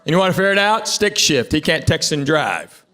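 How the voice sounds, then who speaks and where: A male stand-up comedian telling stories in a deadpan way, acting out both sides of the back-and-forth dialogues. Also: fairly high pitch, fairly quick. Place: comedy club stage. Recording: loud audience laughter.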